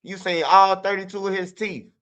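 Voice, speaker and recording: A man talking fast and loose as a stream host, acting out fight noises as he tells a story. His voice is bright and forceful, a little high for a man, and the audio sounds dull and lo-fi. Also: clean tone. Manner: animated, acts out fight sounds and quotes. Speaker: commentary channel host. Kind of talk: casual storytelling commentary.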